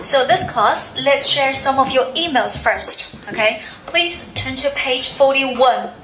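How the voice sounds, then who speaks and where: A woman teaching an English class, briskly asking questions and drilling pronunciation. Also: high-pitched, animated, a bit bright. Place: school classroom full of students. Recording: echoey classroom with pupils' chatter.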